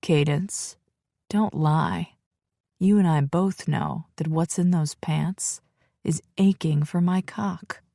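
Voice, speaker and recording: A woman's voice: low-pitched, slow, gravelly, warm tone, no room sound, studio quality, heavily acted. A woman voicing a cocky, crude adult male biker who talks in a teasing, suggestive way.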